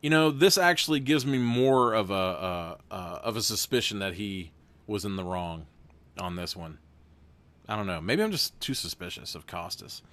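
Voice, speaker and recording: A man's voice: lowish voice, lively intonation, normal speed, fairly bright tone. A man hosting a live stream, reading an interactive adventure book aloud with rambling, self-deprecating asides. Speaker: game host reading a gamebook.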